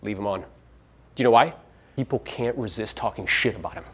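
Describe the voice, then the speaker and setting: A man's voice: lowish voice, a little fast, breathy edge. A man giving a live motivational seminar talk to real estate agents, brash and profane, firing rhetorical questions at the audience.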